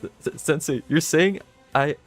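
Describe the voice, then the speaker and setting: Man putting on a squeaky flustered schoolgirl. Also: measured pace, soft background music. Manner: high squeaky outbursts, stammering.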